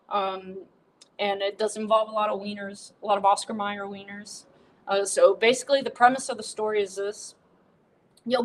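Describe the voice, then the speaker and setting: A woman's voice: fairly high pitch, a bit bright, poor audio. A woman hosting a livestream, chatting casually and irreverently in a rambling way full of fillers. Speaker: livestream host.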